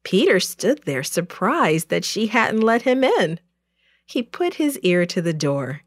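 A woman reads a children's story aloud, slowly and clearly. Her pitch moves a lot as she makes the story vivid. The recording is dry and close, with no room sound. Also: dry recording. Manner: slow and expressive.

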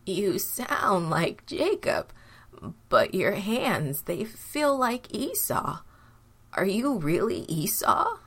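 Woman voicing a shaky, slow old father. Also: medium pitch, very animated, a bit bright, slightly rough, voice pushed up, exaggerated voice. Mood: suspicious. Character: frail old blind father, anxious and grieving.

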